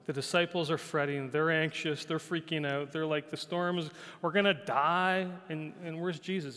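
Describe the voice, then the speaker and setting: A male pastor preaching a conversational sermon. He repeats phrases, often asks "right?", and sometimes drops to a soft, quiet voice. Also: a little high. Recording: long hall reverb.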